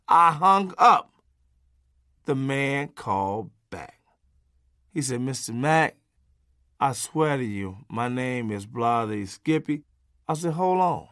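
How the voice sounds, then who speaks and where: Lively, animated storytelling man. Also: medium pitch, slow, long pauses, dry recording, studio quality. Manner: animated, punchy, folksy, salty language. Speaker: memoir narrator. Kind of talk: conversational storytelling narration.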